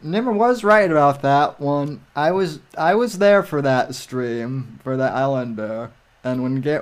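A man chatting casually on a livestream, rambling with frequent restarts and halting phrases. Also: a little high. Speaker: livestream guest. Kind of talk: casual chat.

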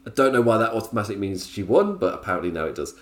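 A man's voice: fairly low pitch, big pitch swings, very fast. A man hosting a casual solo podcast review, chatty, laughing often and drifting into tangents. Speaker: podcast host reviewing wrestling.

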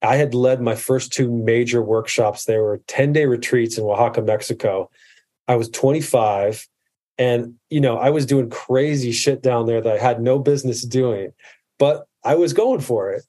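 Podcast guest, man in his thirties; warm, dark tone, earnest and reflective delivery. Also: medium pitch, normal speed. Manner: earnest, reflective, restarts often. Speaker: podcast guest, medical provider. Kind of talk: casual conversation.

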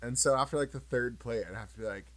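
An American man in casual conversation, telling stories in a relaxed way. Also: mid-range voice, quick pace, rough recording. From United States. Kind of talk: casual chat.

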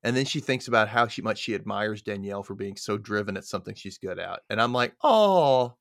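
A man's voice: fairly low pitch, steady tone, quick pace, vocal fry, bright, forceful tone, no echo, clean studio sound. A man co-hosting a podcast, casually recapping a story and acting out its quoted lines. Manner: chatty, retells scenes with quoted lines. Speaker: podcast co-host.

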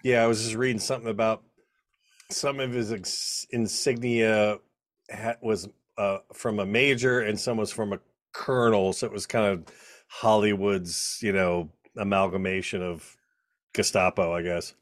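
A man co-hosting a podcast in casual chat, enthusiastic and quick to react. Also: lowish voice, steady tone, no room sound. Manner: enthusiastic, says "dude" often. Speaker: podcast co-host.

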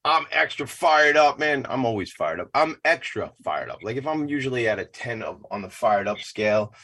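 A husky-voiced man, fired up and rambling as he hosts a podcast. His voice sits fairly low, and his talk runs loose and motivational. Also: lively intonation, brisk, a bit bright. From Long Island, New York. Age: 40s. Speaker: podcast host. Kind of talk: casual monologue.

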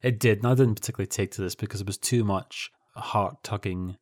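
A man's voice: on the low side, brisk, no echo, studio quality. A man co-hosting a podcast, rambling wryly about old children's TV. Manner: rambling, wry, reminiscing. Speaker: podcast co-host. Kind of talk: casual chat reviewing old TV.

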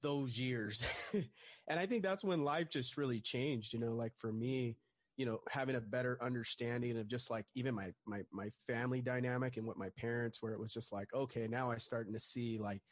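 A man's voice: mid-range voice, steady tone, moderate pace, dry recording, clean studio sound. A man talking as a podcast guest, reflective and casual, often saying "you know". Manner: thoughtful, many fillers like "you know".

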